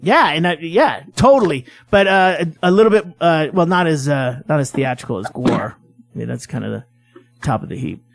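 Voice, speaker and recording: A man's voice: on the high side, expressive, normal speed, vocal fry, no echo, soft background music. A man co-hosting a podcast, chatting casually and telling rambling stories with acted-out quotes. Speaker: podcast co-host. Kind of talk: casual comedic banter.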